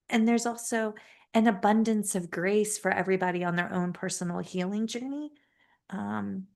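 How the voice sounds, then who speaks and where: Gravelly-voiced woman podcast host. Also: mid-range voice. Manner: heartfelt, talks in rushes and restarts. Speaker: podcast host, speech-language pathologist. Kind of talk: candid, emotional conversation.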